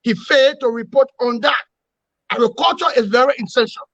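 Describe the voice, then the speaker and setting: A man giving forceful political analysis in an interview, emphatic and repetitive, lecturing his points. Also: very high-pitched, brisk, no echo, dull audio. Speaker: opposition commentator.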